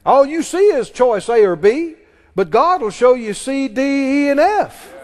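Brief: high-pitched male pastor, emphatic sermon delivery, call-and-response, long hall reverb. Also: sing-song, unhurried. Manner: emphatic preaching, leads the congregation in call-and-response.

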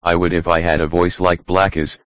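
A man's voice: low-pitched, flat delivery, moderate pace, fairly bright tone, smooth, dry recording. A man reading the part of a curious, gossipy young male rabbit in a storybook. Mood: eager. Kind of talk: audiobook reading.

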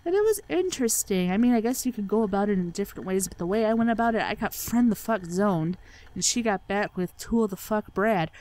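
A woman's voice: medium pitch, animated, fairly quick, darkish tone. A woman hosting a let's play, giving sarcastic, profanity-laced commentary and mocking the game's dialogue. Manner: sarcastic, swears freely, mocks the game's dialogue. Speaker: let's play channel host. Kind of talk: gaming commentary.

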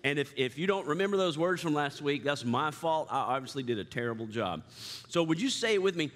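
Lively pastor preaching in a reverberant sanctuary. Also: male voice, a little high, fairly quick. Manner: lively, self-deprecating, leads call-and-response. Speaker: lead pastor. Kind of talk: sermon.

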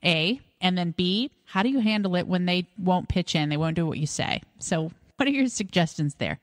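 An upbeat woman interviewer asks questions and affirms her guest's answers. Her voice sits low. She sounds dry and distant, with a long reverb behind her. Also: expressive, moderate pace. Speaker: podcast interviewer. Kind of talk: casual conversational interview.

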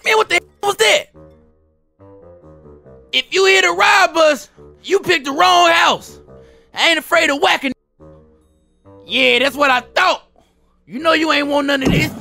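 A man's voice: very high-pitched, a little slow, vocal fry, pauses often, bright, forceful tone, faint music behind, heavily acted. A man voicing a crude, laid-back cartoon character who cusses in slang. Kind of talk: comedic cartoon voice acting.

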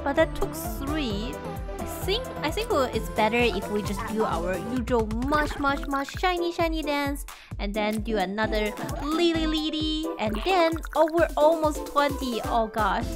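Bubbly female gamer, high-pitched, gushes over everything, game music under her voice. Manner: bubbly, gushing, refers to herself by name in third person. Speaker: gaming YouTuber. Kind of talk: let's play commentary.

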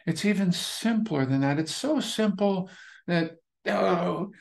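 A man teaching meditation in a relaxed, conversational way, repeating phrases and restarting as he searches for words. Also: sits high, slow, creaky. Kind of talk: dharma talk.

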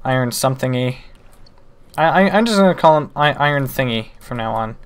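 A man's voice: mid-range voice, expressive, a little fast, smooth. A man playing a video game and commenting live, talking to himself and the game with mock-exasperated outbursts. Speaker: gaming YouTuber.

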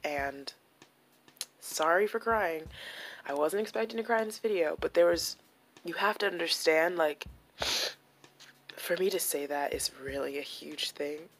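Low, gravelly young woman vlogging candidly. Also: normal speed. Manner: emotional, confessional, full of "like" fillers. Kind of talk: candid personal vlog.

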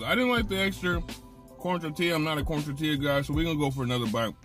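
A man's voice: a little high, rapid-fire, fairly bright tone, faint music behind. A man hosting a casual food review vlog, chatty and slangy, from a parked car. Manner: slangy, laid-back, chatty. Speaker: food reviewer, channel host.

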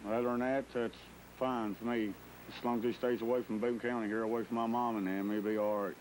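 A man's voice: mid-range voice, flat delivery, a little fast, a little mellow, slight background noise, low-quality recording. A man with an Appalachian accent giving a plain, matter-of-fact account. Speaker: interviewee. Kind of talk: plain first-person account.

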